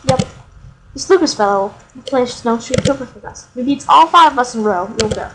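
High-voiced woman doing game commentary. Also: a little fast, fairly bright tone. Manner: reads game dialogue aloud with playful asides. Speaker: let's play host. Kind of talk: casual gameplay commentary. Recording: noisy home recording.

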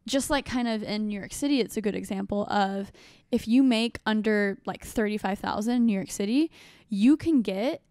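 A young adult woman hosting a podcast, talking in an animated, rambling way full of fillers and restarts. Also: medium pitch, normal speed, clear, resonant tone, no echo, clean studio sound. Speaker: podcast host. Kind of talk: casual chat.

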